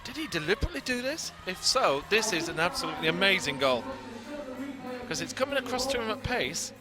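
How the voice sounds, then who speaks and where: A man giving live football commentary outdoors, excitable, his voice leaping up when goals go in. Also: high voice, brisk, music in the background. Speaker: match commentator. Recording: crowd noise behind.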